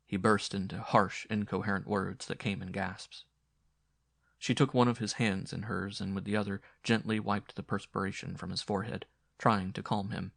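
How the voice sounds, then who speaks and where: A man narrating a horror tale in a measured, grave storytelling manner. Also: low-pitched, steady tone, gravelly, a bit bright, no echo, clean studio sound.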